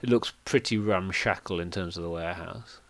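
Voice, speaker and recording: A man narrating as game master of a tabletop game over a stream, relaxed and joking, pausing often as he narrates. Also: deep voice.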